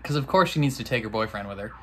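Excitable slangy young man recapping. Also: on the low side, rapid-fire, a little hiss or hum. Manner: excitable, slangy recap with playful character impressions. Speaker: reaction video host. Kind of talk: casual reaction and recap.

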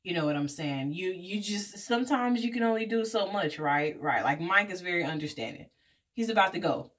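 A woman vlogger casually recapping a movie plot in an animated, slangy way. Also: lowish voice, a little fast. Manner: animated storytelling, slangy asides, acts out characters' lines. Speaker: beauty vlogger reviewing a movie.

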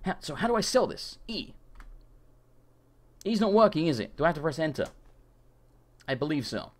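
Male streamer, animated pitch, casual gameplay chatter with frustrated outbursts. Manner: chatty, quick to rant and swear in frustration. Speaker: gaming streamer. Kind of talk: live let's-play commentary.

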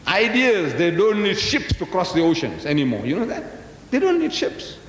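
A man's voice: high voice, wildly swooping pitch, normal speed, fairly bright tone. A man, giving a religious public lecture as a storyteller who keeps asking the audience rhetorical questions. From South Africa. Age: 70s. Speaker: Muslim lecturer. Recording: echoey hall, faint noise.

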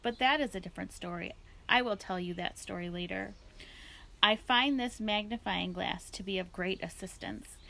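A woman voicing an eccentric elderly woman philosopher who talks in a formal, digressive, unhurried way. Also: medium pitch, creaky, sharp tone. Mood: musing.

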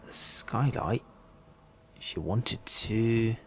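A man's voice: medium pitch, extremely slow, slight background noise. A man hosting a multiplayer game session, musing half to himself while he builds. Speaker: host. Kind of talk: casual gaming chat.

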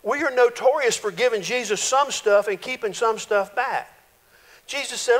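A male pastor, preaching a folksy, animated sermon full of playful voiced quotes in a church sanctuary. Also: very high voice, moderate pace. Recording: reverberant church hall.

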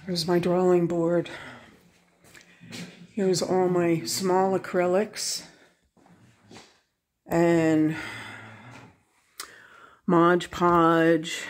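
A woman giving a casual, unhurried tour of her home craft room, pointing things out one by one. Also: fairly low pitch, a little mellow.

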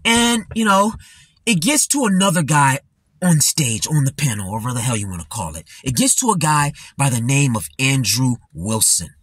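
Husky-voiced man, rambling and laughing. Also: mid-range voice, animated, normal speed, dry recording. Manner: rambling, laughing, full of "you know" fillers. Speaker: commentary vlogger. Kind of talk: casual commentary.

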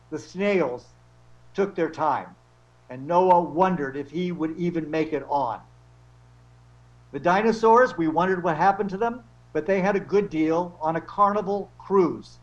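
A man lecturing with wry jokes and playful storytelling. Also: high voice. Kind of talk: humorous lecture. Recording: dull lo-fi recording.

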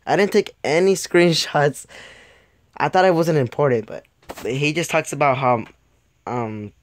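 A man's voice: a little high, a little slow. Rambling young man reviewing an anime episode. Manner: rambling, loses his train of thought, laughs at himself. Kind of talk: casual video commentary.

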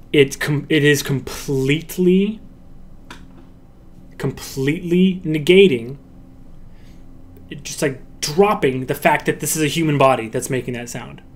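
Male animation instructor, measured delivery, slightly raised pitch, demos lines mid-lecture. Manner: demonstrates lines and laughs aloud, with restarts. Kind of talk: recorded lecture.

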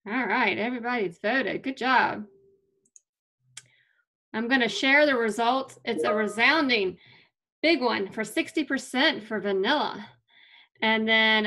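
A woman moderating a virtual college information session, running a poll in a brisk, upbeat way. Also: a little high, pushed and bright. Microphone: video call.

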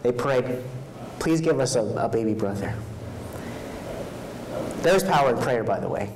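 Preaching expressively at a live evening worship gathering, a pastor reads scripture and stops so his congregation can supply the missing words. His voice swells during the sermon and quiets to a soft, low register for personal anecdotes, over background noise.

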